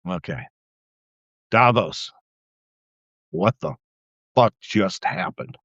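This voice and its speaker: A man's voice: medium pitch, expressive, normal speed, dry recording. Profane, heated older man ranting. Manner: profane, heated and mocking, with stammered restarts. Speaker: political commentary livestreamer. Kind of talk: angry political rant on a livestream. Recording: dull dry lo-fi livestream audio.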